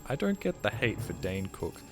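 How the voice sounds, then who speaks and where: Man, game streamer, lowish voice, rambling profane jokes, tired, game music behind. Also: sing-song, normal speed. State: tired, ears ringing. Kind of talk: casual live gameplay commentary.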